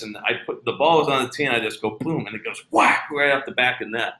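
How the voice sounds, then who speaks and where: Man with a bright voice in an echoey room. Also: medium pitch, fairly quick. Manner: relaxed storyteller, many fillers and restarts. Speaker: baseball player guest. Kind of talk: casual interview chat.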